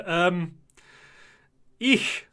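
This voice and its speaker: A man's voice: high voice, drawn-out words, pushed and bright. A British man in his forties, chatting casually and a bit flustered while live streaming. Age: 40s. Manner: chatty and flustered, laughing often.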